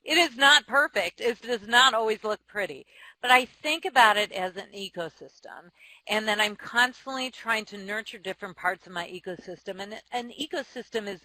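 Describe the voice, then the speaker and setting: Woman, forties, company leader and author, interview guest, frank and self-deprecating, bright forceful tone, dry close sound. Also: mid-range voice, dry recording, rough recording. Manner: frank and self-deprecating, with quick laughs and restarts. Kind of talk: candid interview storytelling.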